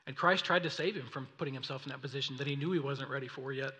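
A man preaching a sermon, reading scripture and acting out the people in the story in an animated way. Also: medium pitch, rapid-fire. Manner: animated, acts out voices of the story. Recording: long reverb of a hall.

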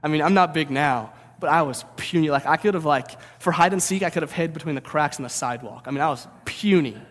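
Energetic man preaching a sermon. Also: on the high side, fast talker, long reverb tail. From St. Louis, USA. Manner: energetic, conversational, keeps asking "right?".

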